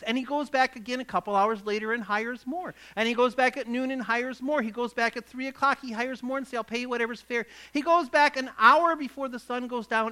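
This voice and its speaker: A man preaching a sermon, retelling a parable with lively storytelling and acting out the grumbling workers. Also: extremely high pitch. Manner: animated storytelling, acts out quoted grumbling. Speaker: pastor.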